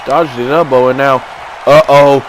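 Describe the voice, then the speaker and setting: A man giving excited play-by-play commentary on a video game wrestling match, swinging from low mutters to sudden shouts. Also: moderate pace, rough recording. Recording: crowd and game noise behind.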